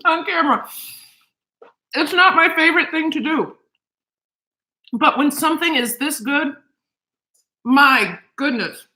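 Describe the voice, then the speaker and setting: A woman vlogs from her home kitchen, gushing over her food in an emotional, chatty way. Her voice is bright and sits a little high, and the room adds a clear echo. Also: lively intonation, a little slow, long pauses. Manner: gushing and emotional, talks while eating. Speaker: cooking vlogger. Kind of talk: casual chat to camera.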